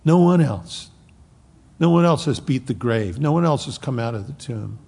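Gravelly older man preaching in a hall. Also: medium pitch, expressive, normal speed, a little mellow. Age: 70s. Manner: folksy, joking asides, emphatic quoting of scripture. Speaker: pastor. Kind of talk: sermon. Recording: long hall reverb.

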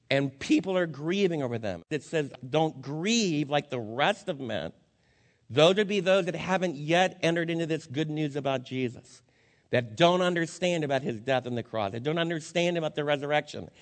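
Guy pastor giving a funeral sermon, earnest and chatty, highish voice, big echoey church. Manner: conversational, earnest, speaks straight to the congregation. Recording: long reverb of a hall.

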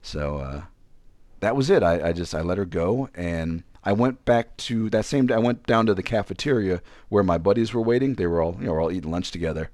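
A man from Virginia spins a rambling personal story, poking fun at himself and restarting his sentences as he goes. His voice sits low but swings widely in pitch. The sound is dry and close, with almost no room echo. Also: animated, fairly quick, a little mellow. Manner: rambling, self-deprecating, frequent restarts. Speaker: podcast co-host. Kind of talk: casual storytelling chat.

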